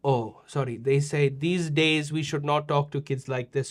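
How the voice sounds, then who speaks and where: A man's voice: fairly high pitch, steady tone, normal speed. A middle-aged man hosting a kids' show, judging their videos with playful teasing and mock-scolding. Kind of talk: casual chat.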